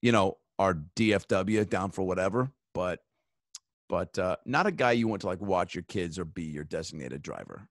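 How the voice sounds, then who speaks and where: A man's voice: sits low, lively intonation, normal speed, dry recording, clean studio sound. A male comedian guest on a podcast, riffing in rambling, swear-laden bits full of fillers. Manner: rambling comic riffs, frequent swearing and fillers. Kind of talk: casual podcast chat.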